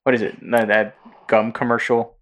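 A man's voice: mid-range voice, moderate pace, a little hiss or hum. A man co-hosting a podcast, telling a story loosely, swearing freely and acting out what people said. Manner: animated retelling, swears freely. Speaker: podcast co-host. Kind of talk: casual chat.

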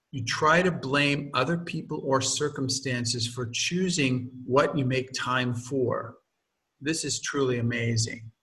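A man's voice: medium pitch, bright, forceful tone. A man reading aloud from his own book, stopping often for loose, joking asides and homely examples. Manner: digressive, stops to explain with homely examples and jokes. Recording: voice from a distance from the mic.

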